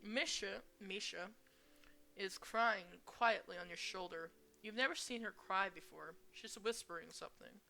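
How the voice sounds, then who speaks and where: A woman's voice: mid-range voice, creaky, pushed and bright. A young woman reading a visual novel aloud and adding crude asides. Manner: reads slowly, with crude asides. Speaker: gamer.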